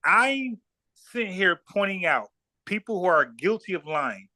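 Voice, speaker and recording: A man's voice: sits high, big pitch swings, unhurried, pushed and bright. A man from South Carolina hosting a livestream, talking bluntly and profanely, repeating words when he gets fired up. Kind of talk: casual heated debate.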